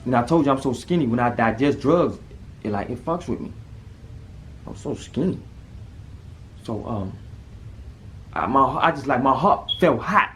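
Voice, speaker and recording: A man tells a personal story straight to camera. His delivery is casual and animated, and his voice jumps sharply higher when he acts out moments of panic. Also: moderate pace, long pauses, a little hiss or hum. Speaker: vlogger telling a personal story.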